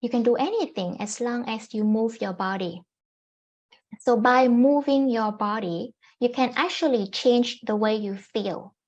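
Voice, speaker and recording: A woman life coach giving calm, gently instructive self-help advice to camera, often repeating her points. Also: on the high side, measured pace, muffled recording.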